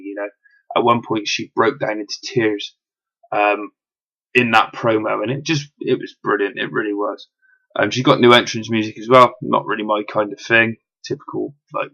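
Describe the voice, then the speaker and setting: A man's voice: on the low side, creaky, fairly bright tone. A young man giving a casual, rambling solo review with lots of fillers, eager about what he's recapping. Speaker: wrestling show reviewer. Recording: dull lo-fi home recording.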